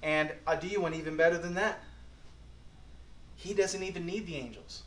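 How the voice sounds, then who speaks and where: An earnest, folksy male pastor, his voice sitting a touch high as he moves between hushed reflection and emphatic, pressing lines. The sermon rings out in a roomy, echoey hall. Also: fairly even intonation, normal speed, a little hiss or hum.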